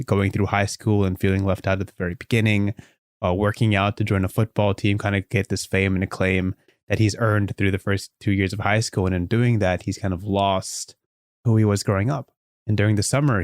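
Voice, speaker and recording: A man hosting a podcast, improvising a story aloud in an animated way with frequent restarts. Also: lowish voice, dry recording, studio quality. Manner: animated, with many restarts and fillers. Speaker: podcast host.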